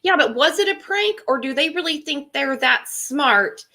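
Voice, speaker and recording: Woman co-host, slightly high voice, mocking, fires off rhetorical questions. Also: animated, normal speed, pushed and bright. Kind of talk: casual podcast discussion.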